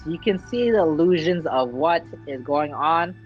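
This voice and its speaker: Excitable vlogger over faint music. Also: mid-range voice, normal speed, muffled recording. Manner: excitable, slangy, acts out character quotes. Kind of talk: casual game story recap.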